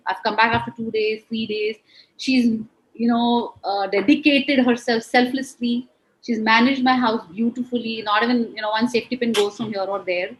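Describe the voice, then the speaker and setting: Interview guest: woman, 40s, Indian English accent, slightly high voice, heartfelt and earnest, many "you know"s. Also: poor audio.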